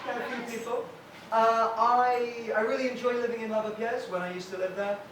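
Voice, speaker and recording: Wry stand-up host in an echoey club. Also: male voice, extremely high pitch, level tone, fairly quick, fairly bright tone, some chatter behind. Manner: wry, storytelling, acting out street sellers. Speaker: comedy night host and stand-up comic. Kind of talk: stand-up comedy set. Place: comedy club stage with a live audience. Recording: echoey club room, mic heard from a distance, noisy.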